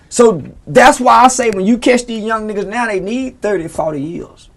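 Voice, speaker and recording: A man's voice: high voice, moderate pace, hardly any pauses. A man in an interview pours out an impassioned, profane rant. He preaches as much as he talks, leaning on scripture and slang, with blunt force behind every point. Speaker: interview guest. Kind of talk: heated, unfiltered interview rant.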